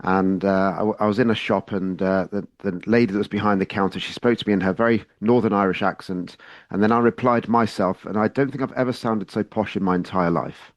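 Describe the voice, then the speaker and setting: A man's voice: fairly low pitch, fairly even intonation, a little fast, no room sound. Friendly English male radio host. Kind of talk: radio interview.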